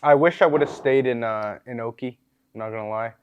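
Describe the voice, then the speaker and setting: A man's voice: medium pitch, brisk, muffled recording. Laid-back male guest, faint hiss. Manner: laid-back, laughs often, short agreeing replies. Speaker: guest, former Marine. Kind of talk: casual chat.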